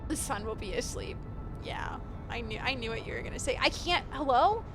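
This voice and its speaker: High-voiced chatty woman streamer over game music. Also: big pitch swings, normal speed. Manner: chatty, reads chat aloud, laughs often, flustered. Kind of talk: casual live-stream chat while gaming.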